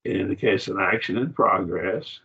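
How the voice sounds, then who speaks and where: A man teaching a Bible study class, lecturing slowly with restarts and rhetorical questions, recorded by a distant mic in a church classroom. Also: low voice, gravelly, sharp tone, slightly rough, dull audio.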